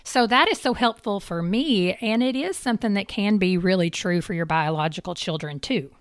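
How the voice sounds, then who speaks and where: A woman's voice: mid-range voice, normal speed, no echo, clean studio sound. A woman hosting a parenting interview, talking in a reflective, agreeing way and relating points to her own life. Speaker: podcast host. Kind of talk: conversational interview.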